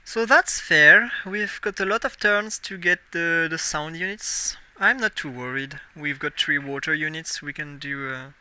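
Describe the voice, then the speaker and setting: A young man streams a game live and talks in English with a heavy French accent. His voice is very bright and sharp, and his speech is clear and crisp. He muses aloud as he plays and often stops to correct himself. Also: on the high side, unhurried, few pauses. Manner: musing aloud while playing, self-correcting. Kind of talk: casual live-stream commentary.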